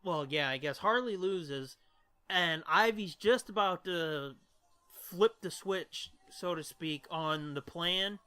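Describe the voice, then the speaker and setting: A man's voice: sits high, slow pace, pushed and bright, smooth. A man co-hosting a podcast, recapping a movie plot in crude, profanity-heavy casual chat. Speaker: podcast co-host.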